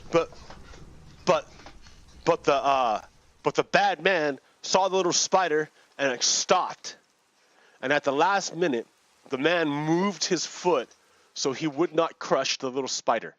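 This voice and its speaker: A man, a gaming video host, telling a story in a rambling, halting way with many restarts. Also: mid-range voice, fairly bright tone, dry recording. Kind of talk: casual storytelling while playing a game. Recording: dull lo-fi dry recording.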